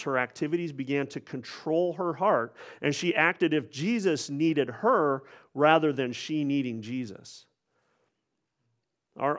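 A man preaching a sermon in an earnest way, often restarting and repeating words as he goes. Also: on the high side.

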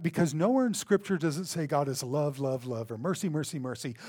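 A man's voice: a little high, animated, brisk. Emphatic man preaching a sermon. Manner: emphatic, repeats words for stress; dramatic swings between loud and hushed. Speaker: pastor.

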